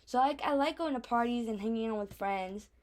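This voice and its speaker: A woman's voice: fairly high pitch, fairly quick, darkish tone. A teenage girl talking casually to her audience, rambling with lots of filler words. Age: teens. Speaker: vlogger. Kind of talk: casual chat.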